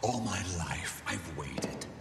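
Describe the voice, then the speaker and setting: A gravelly, grandiose cartoon supervillain. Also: male voice, deep voice, expressive, takes it slowly, exaggerated voice. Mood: menacing. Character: scheming male mutant villain, cold and menacing. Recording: roomy reverb with score music under.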